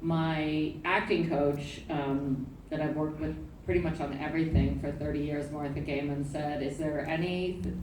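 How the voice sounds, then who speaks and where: A woman from New Orleans telling stories on a theater panel, animated and laughing. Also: sits low, normal speed, few pauses. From New Orleans, US South. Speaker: actor on a panel. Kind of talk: casual panel talk. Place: theater stage. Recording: echoey theater, distant mic, noisy.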